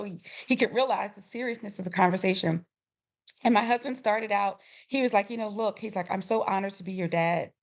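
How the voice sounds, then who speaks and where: Middle-aged woman, podcast guest, animated storytelling, voices quoted people, frequent laughter. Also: medium pitch. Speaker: podcast guest, grief coach. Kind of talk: storytelling in a conversational interview.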